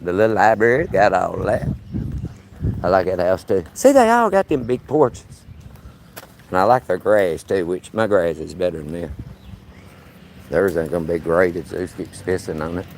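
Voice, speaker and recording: A deep, steady voice at a moderate pace comes from a 50-something vlogger walking his dog on a neighborhood street while chatting on a live stream. He talks to the dog with folksy jokes, and slight background noise mixes with faint outdoor ambience.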